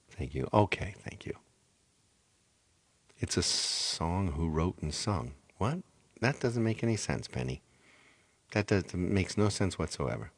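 A man singer chatting casually with viewers on a live stream, rambling and repeating his phrases. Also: low-pitched.

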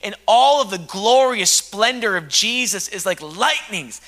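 A male preacher with a very high, bright voice, delivering an impassioned sermon. He swings between hushed, intimate lines and loud shouting. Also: unhurried.

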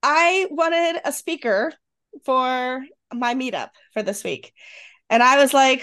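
Chatty high-voiced Western New York woman. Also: unhurried, a bit bright. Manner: chatty, laughs often. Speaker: podcast co-host. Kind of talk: casual chat.

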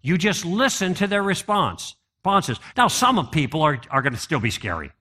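This apologetics speaker addresses a live audience conversationally, often asking them questions. His pitch is fairly high and swings widely, his pace normal and his tone sharp.

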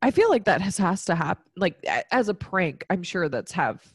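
A woman's voice: on the low side, very animated, moderate pace, breathy edge, no room sound, studio quality. A woman co-hosting a casual chat, tipsy and rambling off on giggly tangents. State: tipsy from tequila. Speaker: podcast co-host.

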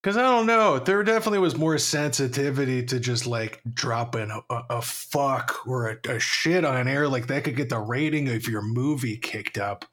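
A man's voice: medium pitch, normal speed, hardly any pauses, fairly bright tone. Wry man co-hosting a podcast. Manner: wry, jokey, talks in long musing sentences. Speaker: podcast co-host. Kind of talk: casual podcast chat.

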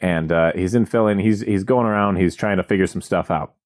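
A man with a very low voice hosts a casual podcast. He rambles and jokes in a dry way. The recording is close and dry, with no room sound. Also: fairly quick, a little mellow, no room sound. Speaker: podcast co-host. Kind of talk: casual comedic chat.

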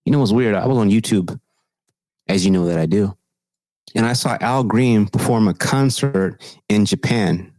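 A man co-hosting a casual podcast chat, telling stories in a profane, animated way. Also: fairly low pitch, normal speed, no room sound. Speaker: podcast co-host.

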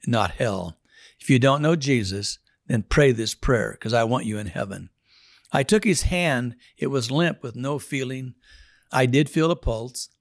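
A man's voice: mid-range voice, dry recording, clean studio sound. A man who leads a prison Bible study tells his own testimony in an earnest, emphatic way, often repeating words. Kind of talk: spoken testimony.

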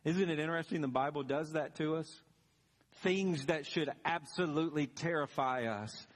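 A man's voice: on the high side, moderate pace. A man preaching a sermon as pastor, telling the story dramatically and building to emphatic peaks. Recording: long reverb of a large hall.

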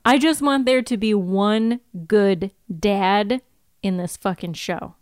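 A woman's voice: mid-range voice, slow pace, darkish tone, clean tone, no room sound, studio quality. A woman co-hosting a podcast, chatting animatedly and casually swearing as she shares theories about a TV show. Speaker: podcast co-host.

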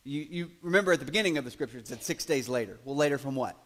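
A man preaching a sermon in a conversational way, building to loud, emphatic passages and acting out quoted voices. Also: medium pitch, lively intonation, very fast. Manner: acts out quoted voices in asides. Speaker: pastor.

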